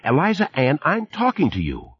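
A man voicing a harried young wife and mother in an audiobook reading, with a husky voice on a dull, dry recording. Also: on the high side, wildly swooping pitch, normal speed, no room sound, pitched above the performer's own voice, full character voice. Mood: scolding.

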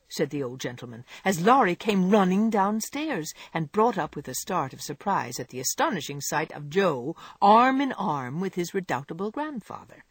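An audiobook narrator reading a classic novel aloud, with a measured and expressive delivery. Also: medium pitch, breathy edge, dry recording. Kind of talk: scripted narration.

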